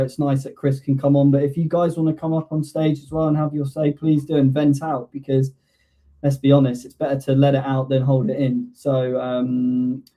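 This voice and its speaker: Guy hosting a fan stream, mellow warm voice, laid back, reading comments off chat. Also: mid-range voice. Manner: easygoing, reads out viewer comments. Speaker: host of a fan show. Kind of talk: casual live-stream chat.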